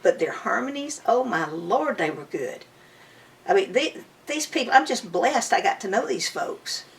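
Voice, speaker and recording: An older woman with a drawl talks fondly and eagerly, piling one story onto the next in a relaxed interview. Her voice sits at a middling pitch for a woman and comes across a little distant, as if the mic is some way off. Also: normal speed, creaky. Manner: enthusiastic, chatty, fond storytelling. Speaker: bluegrass musician interviewee. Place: her home.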